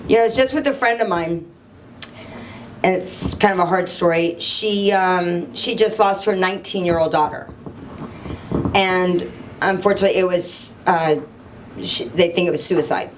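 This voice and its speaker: With a fairly low voice at normal speed and frequent pauses, a middle-aged woman gives a live motivational talk on stage. She animatedly tells stories, performs dialogue and poses questions to listeners, and a little hiss or hum can be heard.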